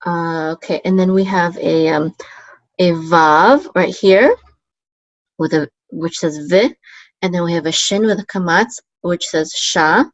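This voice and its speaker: Woman teaching Hebrew chant marks, lo-fi. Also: no room sound. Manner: chants the marks and words higher and slower, explains at a quick low murmur, many ums. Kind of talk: casual teaching, chanting trope words.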